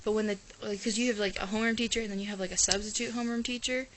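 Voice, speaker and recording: A teenage girl from Ohio talks to her camera in a loose, rambling vlog chat, her clear as she piles up "like" and restarts sentences. Her voice sits at an ordinary middle pitch. A faint hiss of noise runs under the recording. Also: fairly even intonation, very fast. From Ohio, USA. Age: teens. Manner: rambling, chatty, full of "like" and restarts. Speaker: exchange student vlogger. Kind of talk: casual chat.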